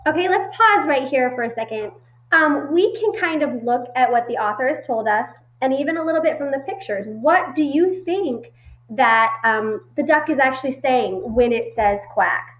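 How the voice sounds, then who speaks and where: A woman teacher giving a recorded reading lesson to children, explaining in a friendly way with frequent pauses and fillers. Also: sits high, expressive. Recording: echoey muffled room recording.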